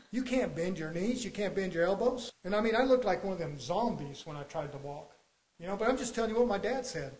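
A man preaching a sermon with fervent energy, moving between quiet asides and loud exhortation, telling stories in a folksy, colloquial way. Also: high-pitched, brisk, low-quality recording.

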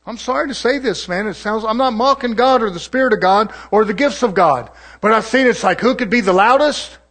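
Man, pastor, high-pitched voice, folksy sermon, chatty delivery. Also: a little fast, fairly bright tone. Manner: folksy, conversational preaching with mimicry.

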